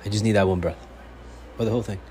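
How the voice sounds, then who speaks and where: A man's voice: fairly low pitch, steady tone, quick pace, a little mellow. A man hosting his own sports fan podcast, delivering a profane, fired-up monologue. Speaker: podcast host. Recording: faint background noise.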